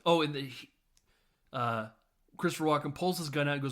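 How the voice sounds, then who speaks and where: A man hosting a film podcast, casually retelling a movie's plot with swearing, laughter and quick acted-out lines. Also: fairly high pitch. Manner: laughing, profane, animated retelling with quoted lines. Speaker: podcast host.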